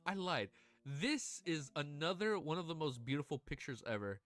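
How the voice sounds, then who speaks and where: Man, streamer, casual chat, gushing, swearing, fairly high voice, bright. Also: moderate pace. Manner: excitable, swears often, gushes and laughs. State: emotional, near tears.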